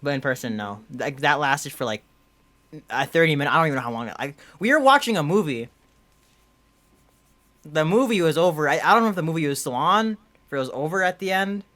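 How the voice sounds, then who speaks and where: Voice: mid-range voice, animated, brisk, pauses often, a bit bright. A young adult podcast co-host telling a story in casual chat, rambling and full of "like" and restarts. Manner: rambling, heavy use of "like" and restarts.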